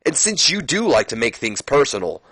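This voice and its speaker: A man's voice: mid-range voice, very animated, normal speed, pushed and bright, husky, dry recording, exaggerated voice, low-quality recording. A man voicing a brash male wrestler's challenge in a raised, pushy tone while reading a scripted promo. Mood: taunting. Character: brash cocky male wrestler calling out a rival.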